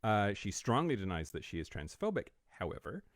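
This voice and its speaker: A man's voice: lowish voice, very animated, fairly quick, no echo. A man co-hosting a podcast, reading out news items with wry asides and frequent fillers in a casual studio chat. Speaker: podcast co-host.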